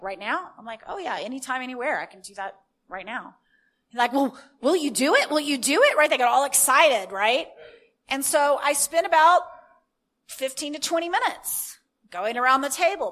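A woman's voice: high-pitched, sharp tone. A woman preaching a sermon, telling stories in a conversational way and breaking into fervent declarative prayer.

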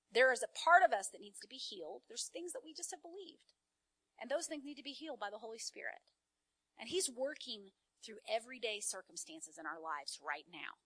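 A middle-aged woman sharing a testimony as a church speaker, in an animated, emphatic storytelling manner. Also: a little high, no echo. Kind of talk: sermon-style testimony.

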